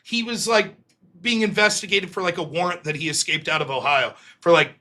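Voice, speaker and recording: A male stream host rambles through crude stories from his youth, his voice pitched high and sounding bright. He talks casually and swears often, and he acts out the people he quotes. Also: fairly quick. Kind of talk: casual storytelling on a live stream.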